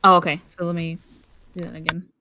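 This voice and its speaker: A woman's voice: fairly low pitch, flat delivery, fast, heavy background noise. A woman playing in a tabletop game, joking and chatty. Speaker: player. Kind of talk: casual tabletop game chat.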